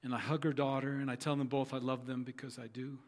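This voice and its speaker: A man's voice: mid-range voice, flat delivery, quick pace, big-room sound. A man preaching a sermon as pastor, telling a story with earnest, repeated phrases.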